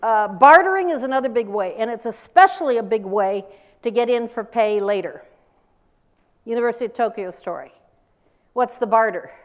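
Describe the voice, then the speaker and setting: An older woman giving a lively, emphatic conference talk and quizzing the audience as she goes. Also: fairly high pitch, normal speed. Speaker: workforce speaker.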